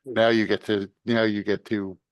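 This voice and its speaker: A man running a tabletop game as game master, narrating scenes and giving calm, matter-of-fact rulings. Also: lowish voice, normal speed, no room sound.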